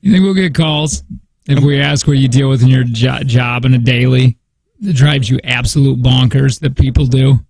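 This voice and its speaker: A man's voice: mid-range voice, moderate pace, vocal fry, a little mellow, no echo. A man in his forties hosting a morning radio show, chatty and telling stories in casual banter. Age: 40s. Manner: chatty, storytelling, laughs easily. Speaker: radio host. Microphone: studio mic.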